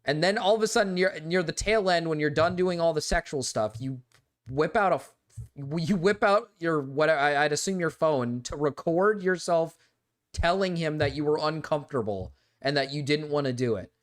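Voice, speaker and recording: With a fairly high pitch and a moderate pace, a young man hosts a live stream. He speaks casually, rambling and exasperated, filling his speech with "like" and repeated words.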